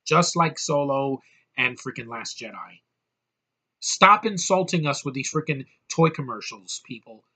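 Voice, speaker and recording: A man's voice: medium pitch, expressive, unhurried, bright, forceful tone, breathy edge. A man giving an exasperated, profane movie review rant, with heavy emphasis. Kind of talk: ranting movie review vlog.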